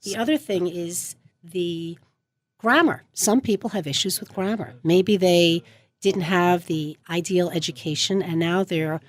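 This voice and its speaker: Emphatic woman speech coach, low-pitched. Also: measured pace. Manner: emphatic, coaching tone, stressing key words. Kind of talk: radio guest interview. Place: radio studio. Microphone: studio microphone.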